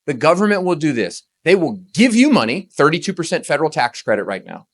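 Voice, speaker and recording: Punchy rapid-fire male presenter. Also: fairly high pitch, very animated. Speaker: speaker on real estate tax strategy. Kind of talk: motivational presentation.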